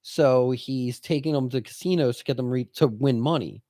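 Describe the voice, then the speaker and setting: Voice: medium pitch, normal speed, no room sound, clean studio sound. A podcast co-host in casual chat, telling stories with lots of laughter and acted-out quotes. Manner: animated storyteller, laughs often, acts out quotes.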